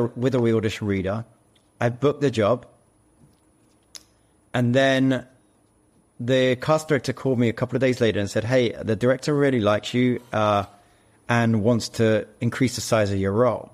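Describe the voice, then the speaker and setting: A man who is an actor and co-founder, speaking as a podcast guest and telling stories animatedly. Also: mid-range voice. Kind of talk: casual interview.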